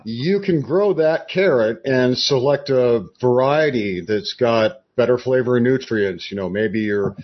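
A man as a podcast guest, explaining his approach in a measured, conversational way. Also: medium pitch, lo-fi sound.

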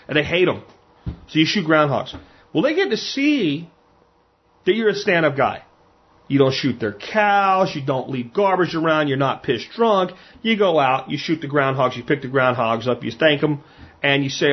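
A man's voice: on the high side, sing-song, fairly quick, slightly rough. A man from Pennsylvania who hunts and cooks game, telling stories in a frank, rambling way and often repeating words. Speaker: hunter and cook. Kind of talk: casual storytelling. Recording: dull lo-fi sound.

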